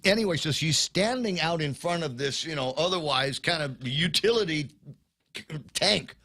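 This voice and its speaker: A male morning-show host, rambling and joking his way through the news, full of fillers and false starts. His voice sits a little high, and it sounds close and dry with no room at all. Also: lively intonation, normal speed, sharp tone, no room sound. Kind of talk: casual radio-show chat.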